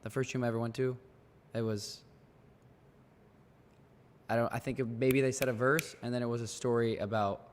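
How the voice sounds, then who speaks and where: A man of middle pitch hosting a livestream, relaxed and chatty. His voice hangs in a room with a long, ringing reverb. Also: fairly quick, long pauses. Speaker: host. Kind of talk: casual livestream chat.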